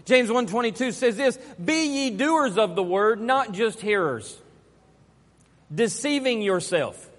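A man's voice: high-pitched, lively intonation, measured pace. A man preaching a sermon, emphatic and fond of repeating his key phrases. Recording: long hall reverb.

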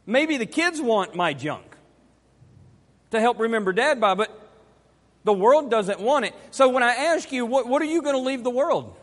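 A middle-aged man preaching a sermon as pastor, earnest and repeating his questions, rising to forceful emphasis. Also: very high voice, very animated, moderate pace. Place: church sanctuary. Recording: long hall reverb.

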